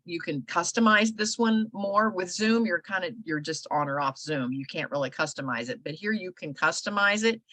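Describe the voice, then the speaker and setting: A woman's voice: on the low side, sharp tone, dry recording. A middle-aged woman teaching casually on a video call, chatty and loose, with many fillers and restarts. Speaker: host presenting online event platforms.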